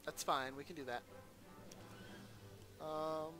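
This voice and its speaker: Bright-voiced man chatting through gameplay. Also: fairly high pitch, fairly even intonation, takes it slowly, soft background music. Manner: chatty, thinks aloud with ums and asides. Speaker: let's play host. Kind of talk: casual gameplay commentary.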